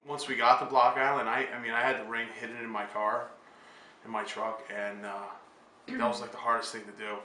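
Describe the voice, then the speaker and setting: A man's voice: medium pitch, flat delivery, a little fast, bright, forceful tone, a little hiss or hum. A man telling a story in a hesitant, self-deprecating way. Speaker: interviewee. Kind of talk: casual storytelling. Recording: roomy and distant from the mic.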